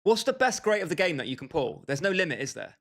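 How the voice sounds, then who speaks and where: Very animated and fast, a young man with a gravelly, fairly bright, high-side voice livestreams a football game as a gaming streamer. He banters and jokes with his chat, speaking straight to viewers by name.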